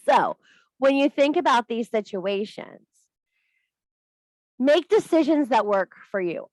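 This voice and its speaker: A woman's voice: high-pitched, lively intonation, slow pace, pauses often, no echo, low-quality recording. A middle-aged woman teaching a group, giving a blunt, profane tough-love talk and laughing at herself now and then. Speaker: spiritual course teacher.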